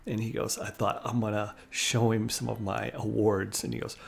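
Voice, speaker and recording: Chatty man telling anecdotes with a gravelly voice. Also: on the low side, brisk. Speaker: host. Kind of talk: casual storytelling.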